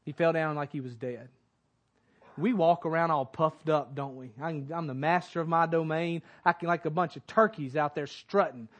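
A man preaching a sermon, building to emphatic peaks and dropping low and quiet in turn. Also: normal speed, muffled recording. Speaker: pastor.

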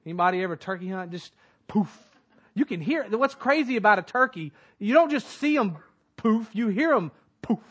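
Impassioned high-voiced male preacher. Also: lively intonation, moderate pace, fairly bright tone. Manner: impassioned, rising to emphatic peaks then dropping low. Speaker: pastor. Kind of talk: sermon.

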